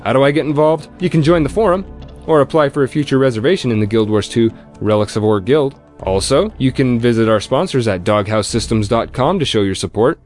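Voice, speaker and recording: A man's voice: medium pitch, soft background music. A man hosting a podcast, chatting casually and joking, then rattling off the show's plugs. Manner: animated, jokey, rattles off plugs quickly. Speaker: podcast host.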